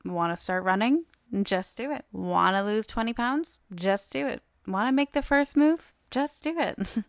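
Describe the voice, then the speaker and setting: Chatty woman with a gravelly edge. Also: medium pitch, no room sound, studio quality. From United States. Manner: chatty and upbeat, many fillers, laughs often. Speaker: podcast host. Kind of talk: solo podcast monologue.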